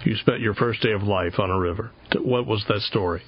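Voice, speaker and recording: A man hosting a radio show, asking his guest questions in a relaxed, conversational way. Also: fairly low pitch, brisk, dull audio, a little hiss or hum.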